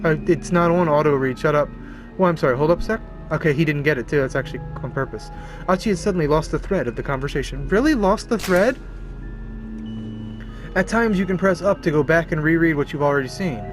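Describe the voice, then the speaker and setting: A man's voice: on the high side, quick pace, over music. A man streaming a game, reading the story text aloud and breaking off for crude, jokey remarks and laughter. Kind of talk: reading a visual novel aloud with commentary.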